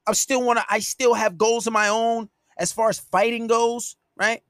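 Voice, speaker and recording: High-voiced man on a profane rant. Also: flat delivery, normal speed, a bit bright, no echo, studio quality. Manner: profane, scolding and emphatic. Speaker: podcast host and dating coach. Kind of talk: solo podcast rant.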